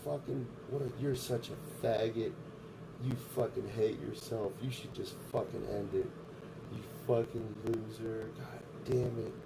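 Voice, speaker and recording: A man mocking a voiceover with a quiet, muttering, self-pitying inner-monologue voice. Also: lowish voice, steady tone, unhurried, gravelly, background noise. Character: self-loathing male inner-monologue voice, mopey.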